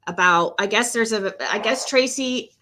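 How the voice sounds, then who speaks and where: A woman's voice: on the high side, normal speed, bright, forceful tone. A woman co-hosting a livestream, hesitantly reading out what people say in the chat. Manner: relays the chat, hesitant, many fillers.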